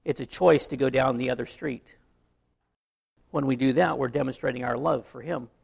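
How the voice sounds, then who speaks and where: A man's voice: mid-range voice, steady tone, normal speed, gravelly, darkish tone, slightly rough. A man preaching a sermon, telling an illustration story in a conversational way. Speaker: pastor.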